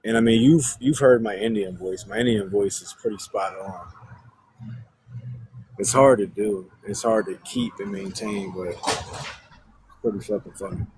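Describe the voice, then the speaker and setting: Guy on a livestream, kinda low voice, cussing and rambling to chat, faint hum behind. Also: expressive, moderate pace, long pauses, darkish tone, low-quality recording. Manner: blunt and profane, rambling. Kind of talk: casual chat to viewers.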